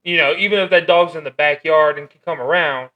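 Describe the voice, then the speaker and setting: Bright-voiced man in relaxed podcast talk. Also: fairly high pitch, brisk, poor audio. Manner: earnest, explains from experience. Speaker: podcast co-host. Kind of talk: casual chat.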